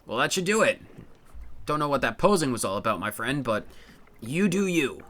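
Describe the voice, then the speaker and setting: Boastful undead pirate skeleton king from a video game, done by a man, theatrical and gloating, crisp bright tone. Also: mid-range voice, sing-song, moderate pace, voice pushed up. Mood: scornful.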